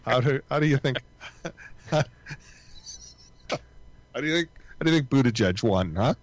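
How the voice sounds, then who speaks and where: A man's voice: mid-range voice, animated, normal speed. A man in his sixties co-hosting a casual chat, joking and laughing as he talks. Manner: joking, laughs mid-sentence. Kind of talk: casual banter.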